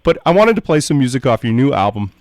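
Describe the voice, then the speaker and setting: A man's voice: medium pitch, big pitch swings, quick pace, a little mellow, no echo. A male radio show host in a casual interview, stammering and repeating words, often laughing.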